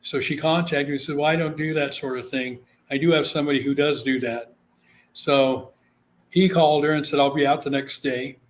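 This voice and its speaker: A man's voice: on the high side, steady tone, fairly quick. A man from Guam, a psychic medium, telling a story in a casual interview, with lots of "you know" fillers and quoted voices. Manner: chatty, full of "you know" fillers, acts out quoted people.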